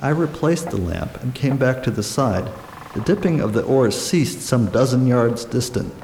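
A man narrating a story aloud in a measured, even storytelling manner. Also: medium pitch, vocal fry. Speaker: audiobook narrator. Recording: echoey room with long reverb and faint noise.

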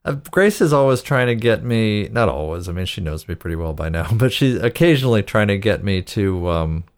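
A man's voice: on the low side, lively intonation, fairly quick. A man hosting a casual podcast conversation over Skype, speaking hesitantly with many fillers and restarts. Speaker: podcast host. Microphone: Skype call.

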